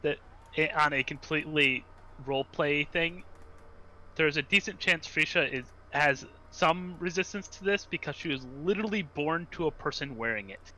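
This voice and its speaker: A man playing a tabletop game, chiming in with quick asides. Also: fairly high pitch, sharp tone, lo-fi sound. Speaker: player. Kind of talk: casual game chat.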